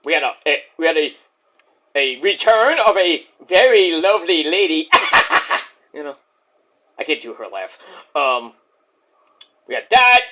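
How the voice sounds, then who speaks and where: A man hosting a casual, profane wrestling review, jokey and animated, who keeps breaking into impressions. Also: a little high, moderate pace, pauses often, slight background noise. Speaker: wrestling reviewer, channel host.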